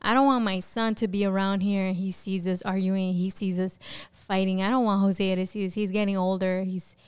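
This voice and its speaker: A young woman speaks as a podcast guest, her voice remarkably smooth and resonant. She tells her own story in a chatty, animated way, often jumping up in pitch to act out what she and others said. Her pitch sits in a middle range. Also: moderate pace. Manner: animated storyteller who acts out quoted dialogue and fills with "like". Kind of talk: personal testimony in a conversational interview.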